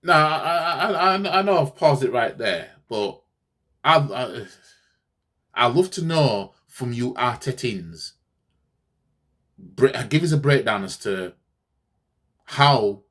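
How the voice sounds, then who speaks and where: A man's voice: medium pitch, fairly bright tone. A man hosting a fan channel, ranting sarcastically in a heated football reaction, repeating himself as he goes.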